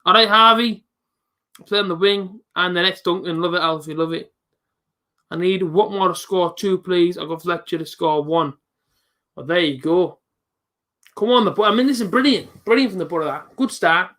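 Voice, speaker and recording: A young man hosting a live football reaction stream, chatting casually with viewers and breaking into excited shouts at big moments. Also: sits high, moderate pace. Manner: chatty, jumps to excited shouting at goals, reads out viewer comments.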